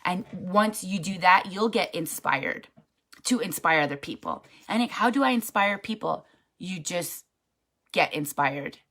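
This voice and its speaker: A woman's voice: lowish voice, animated, unhurried, fairly bright tone. A woman who leads a network marketing team, giving a casual, chatty motivational talk in a frank, emphatic manner.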